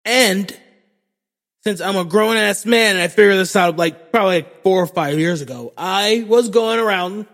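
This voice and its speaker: A man's voice: sits high, normal speed, in a large hall. A young man from Florida, telling a comic story as a podcast host, swearing freely and mocking himself. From Florida, USA. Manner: profane, animated, self-mocking. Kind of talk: comedic storytelling monologue.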